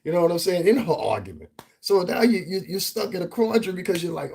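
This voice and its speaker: A man from the Northeastern United States giving a casual, profane commentary rant as a vlogger, animated and often laughing. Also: high voice, fast, creaky, slight background noise.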